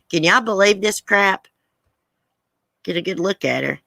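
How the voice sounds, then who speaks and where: A woman's voice: medium pitch, unhurried, vocal fry, long pauses, pushed and bright, dry recording. A woman hosting a casual live chat with viewers, blunt and profane. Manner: blunt, angry and profane, then chatty. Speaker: livestream host.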